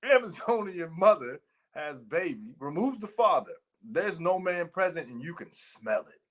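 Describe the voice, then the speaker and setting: A man's voice: fairly high pitch, very animated, moderate pace, fairly bright tone. A man co-hosting a ministry podcast, talking casually but emphatically, with preachy rhetorical questions. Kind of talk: casual chat.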